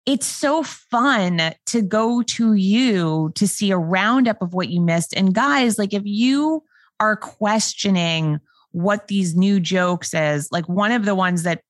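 A woman with a New York accent hosts a casual podcast chat, her voice carrying a clear vocal fry. She speaks at a mid pitch, animated and quick to laugh, recorded close and dry with no room sound. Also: dry recording. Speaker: podcast host.

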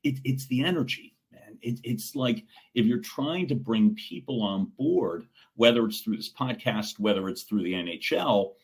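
A man's voice: mid-range voice, lively intonation, normal speed, hardly any pauses, slightly rough. A man joining a podcast as a guest fan, speaking enthusiastically and often repeating words as he starts a thought. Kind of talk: casual chat.

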